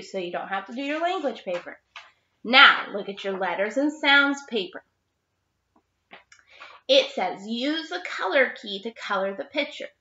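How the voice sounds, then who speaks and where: A woman teacher reading a story aloud to young children and walking them through their seatwork, spelling out words slowly and clearly. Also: on the high side, sharp tone, roomy sound, lo-fi sound. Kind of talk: remote classroom lesson for young children.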